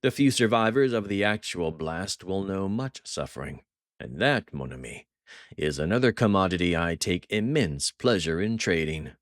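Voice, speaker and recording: A man voicing a jovial, cruel male French crime boss who talks with theatrical mock warmth. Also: low voice, animated, normal speed, dry recording, studio quality. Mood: gloating. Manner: mock-warm, theatrical, gloating.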